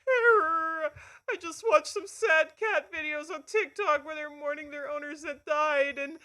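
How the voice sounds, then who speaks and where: A woman voicing an overemotional male character, shouting high and loud as he wails. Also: steady tone, measured pace. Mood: wailing. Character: overemotional male artist character, crying and childlike.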